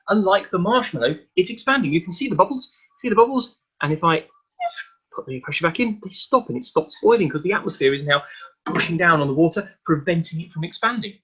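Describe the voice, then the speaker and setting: A man presenting a live online science demonstration for children, explaining each step in a lively, hands-on way. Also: fairly high pitch, husky, dull audio.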